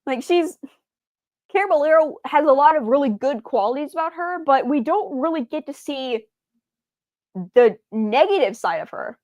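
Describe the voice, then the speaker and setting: A woman's voice: sits high, lively intonation, normal speed, a little mellow, no room sound. A woman streamer chatting casually, rambling with many fillers and restarts, stumbling over her words and answering viewers' chat.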